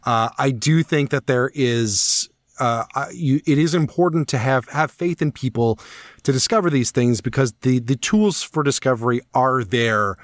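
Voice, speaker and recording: A man's voice: mid-range voice, normal speed, no echo, studio quality. A man hosting an opera talk podcast, chatting casually with his co-host, laughing often and restarting his sentences. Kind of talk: casual chat.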